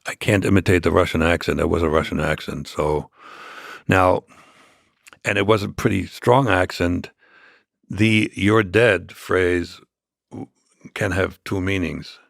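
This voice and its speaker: An older man, telling his story as an interview guest, halting with many restarts and fillers. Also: low-pitched, steady tone, creaky, no echo, studio quality. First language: German.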